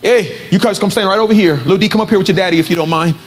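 High-voiced male preacher. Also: racing, slight background noise. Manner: storytelling, rising to fervent exhortation. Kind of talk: sermon.

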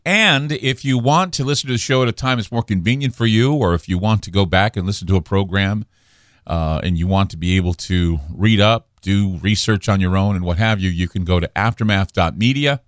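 A man hosts a late-night radio talk show in a low, deep voice. He speaks in a brooding, ominous way, with heavy pauses and restarts. The studio sound is close and dry, with no room echo. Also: a bit bright. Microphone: studio broadcast microphone.

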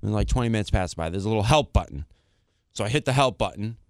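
This co-host talks fast in a lowish voice, captured with a dry, studio-quality sound. On a casual talk show he delivers a lengthy rant, animatedly performing both sides of the story and cursing offhandedly.

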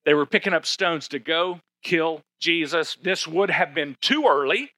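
A man's voice: a little high, expressive, measured pace, pushed and bright, dry recording. A man preaching a sermon in a conversational, emphatic way, often asking the audience rhetorical questions. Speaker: pastor.

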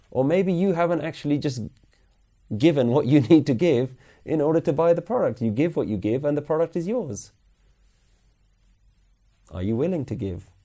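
A man giving a Sikh religious lecture at a weekly class, earnestly questioning his listeners and slowly chanting scripture lines. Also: mid-range voice, mellow. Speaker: Sikh teacher.

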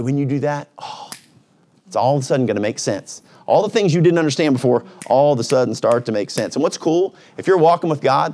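A male pastor preaching a sermon in a lively, conversational way, dropping to a quiet low voice at reflective moments. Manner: energetic, conversational preaching with sudden pitch swings.

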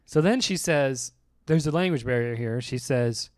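Animated storytelling man, smooth dry voice. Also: medium pitch, normal speed, no echo. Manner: animated, laughing, acts out quoted dialogue. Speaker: podcast host. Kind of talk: casual storytelling chat.

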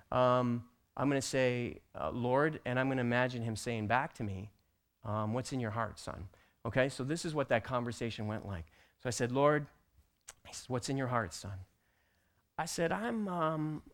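A man teaching a church group, telling a personal story with animated delivery that builds to loud, emphatic peaks. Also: mid-range voice, clean tone. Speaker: church teacher presenting slides.

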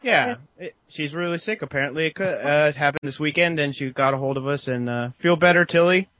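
A man's voice: a little high, brisk, dry recording. A man from the United States co-hosting a casual podcast, easygoing and laid-back. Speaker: podcast co-host. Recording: dry, dull lo-fi sound.

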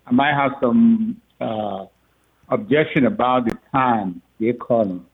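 A man, the father of a recruit, telling a story in a rambling, halting way with frequent laughs. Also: mid-range voice, husky. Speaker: father of a recruit, interview guest. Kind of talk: phone interview, storytelling. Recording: tinny phone line.

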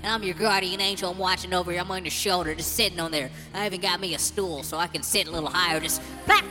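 A man voicing a gentle female guardian angel who speaks softly and reassuringly over a music beat. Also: high-pitched, fast, long reverb tail, natural voice. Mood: soothing.

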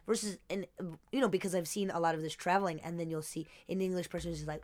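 A woman's voice: on the low side, quick pace, hardly any pauses. Enthusiastic young woman, a podcast guest. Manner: enthusiastic, laughs often, animated aside. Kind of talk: casual chat. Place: basement painting studio.

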